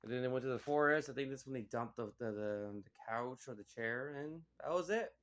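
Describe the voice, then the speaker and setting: A man talks through a movie review in a loose, casual way. He rambles and leans on "like" and "you know" as he goes. His voice sits at an ordinary middle pitch. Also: a little fast, fairly bright tone.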